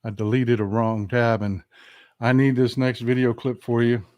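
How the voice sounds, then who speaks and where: A man's voice: medium pitch, little pitch movement, normal speed, a little mellow, dry recording, studio quality. A man with a Southern American accent hosting a casual political live stream, talking in a folksy, emphatic way and answering his chat.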